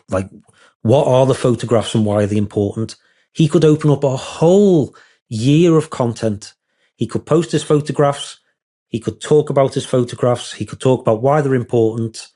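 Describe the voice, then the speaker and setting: Man, mellow voice, rambling, self-deprecating, candid interview guest. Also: medium pitch. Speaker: wedding photographer guest.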